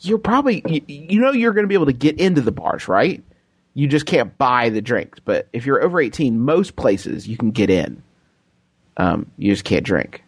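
A man's voice: medium pitch, very animated, normal speed, breathy edge, no echo, studio quality. A man co-hosting a comedic podcast, joking and laughing often while reading and answering listener questions. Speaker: podcast co-host. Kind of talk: comedic casual chat.

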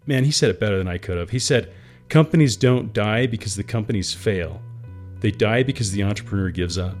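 A man's voice: fairly low pitch, fairly quick, darkish tone, faint music behind. Emotional man telling his business story. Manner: emotional, laughs often, calls the host "guy". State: teary. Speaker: guest entrepreneur. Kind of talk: candid interview storytelling.

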